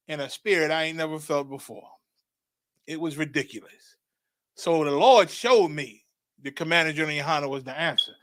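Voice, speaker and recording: A middle-aged man tells his story with a hard, forceful edge and a fairly high voice. He preaches it like testimony, repeating phrases and climbing into excited shouts. The sound is close and dry. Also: dry recording. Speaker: religious teacher.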